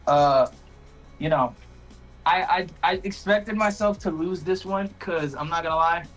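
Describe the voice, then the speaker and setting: A man's voice: fairly high pitch, unhurried, faint music behind. Laid-back, rambling young guy. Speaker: player being interviewed. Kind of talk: casual chat.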